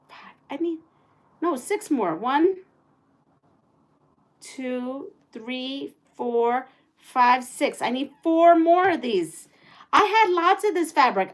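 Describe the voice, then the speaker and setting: A woman's voice: very high voice, a bit bright. A woman hosting a casual livestream who counts aloud, laughs easily, exclaims often and slips into Spanish phrases. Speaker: livestream host.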